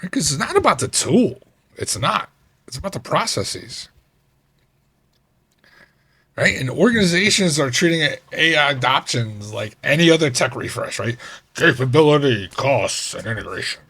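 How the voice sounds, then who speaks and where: Husky middle-aged man telling work stories. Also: moderate pace. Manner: animated, acts out quoted coworkers with raised pitch. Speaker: podcast host. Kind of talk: casual storytelling monologue.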